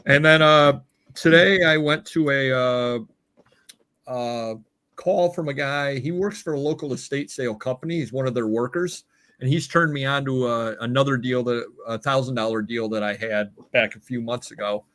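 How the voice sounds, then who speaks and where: A male host of a live online chat show tells long, meandering stories. He pauses often with filler words, and his voice sits at a plain middle pitch. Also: a bit bright. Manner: rambling anecdotes with filler words.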